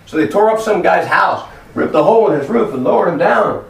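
Animated preacher with a high voice. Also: male voice, a little fast, vocal fry. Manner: animated, acts out voices in stories. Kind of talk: lively sermon. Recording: echoey hall, from far off, faint noise.

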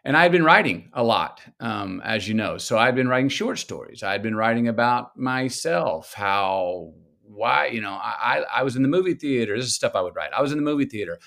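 A man, a guest telling stories slowly and thoughtfully in an interview. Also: medium pitch, expressive, vocal fry, a bit bright. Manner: slow, reflective storytelling with drawn-out pauses. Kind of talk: conversational interview.

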